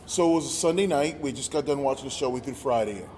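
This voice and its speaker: A man telling a story in casual chat, acting out quotes with animated energy. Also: medium pitch, fast talker. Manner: animated, acts out quotes loudly. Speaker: podcast guest, former wrestler. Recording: roomy with long reverb and faint noise.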